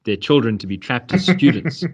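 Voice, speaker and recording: A man's voice: medium pitch, big pitch swings, moderate pace, husky. A man co-hosting a podcast, rambling and joking with stammering restarts. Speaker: podcast co-host. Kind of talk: casual political chat.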